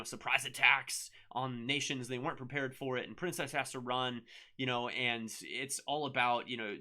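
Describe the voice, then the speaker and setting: A man's voice: mid-range voice, pushed and bright. A middle-aged man from the United States hosting a casual live show, rambling and upbeat with lots of fillers as he chats with commenters. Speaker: show host and author. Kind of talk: casual live-stream chat.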